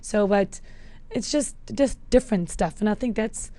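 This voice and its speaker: A woman's voice: medium pitch, moderate pace. A South African woman in her forties, a podcast guest chatting casually, laughing often and acting out her own remarks. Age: 40s. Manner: lively, laughs often, acts out her own quoted lines. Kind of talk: casual chat.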